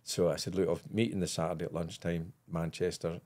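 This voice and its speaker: An older Scottish man spins a long anecdote in relaxed podcast conversation. His voice sits low, and he breaks into laughter as he goes. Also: a little fast. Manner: animated anecdote telling with frequent laughter. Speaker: guest comedian. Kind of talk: casual podcast chat, storytelling.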